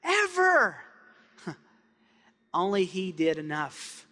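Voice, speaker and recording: A male pastor preaching a sermon with passion, dropping to hushed tones and then building up loud. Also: high voice, wildly swooping pitch, drawn-out words. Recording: long hall reverb.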